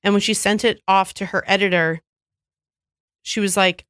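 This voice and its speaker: A woman co-hosts a casual podcast and retells stories with gusto, slipping into little voices for the people she quotes. Her pitch sits in an ordinary middle range. The sound is close and dry. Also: moderate pace, no echo. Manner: animated storyteller who acts out quoted voices. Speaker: podcast co-host. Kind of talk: casual chat.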